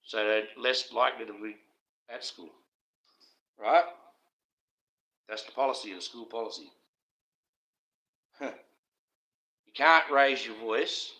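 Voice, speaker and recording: A man's voice: on the low side, bright, forceful tone, highs cut off. A middle-aged Australian man talking on his own livestream, rambling in an aggrieved, conspiratorial way and speaking straight to his viewers. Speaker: livestream host.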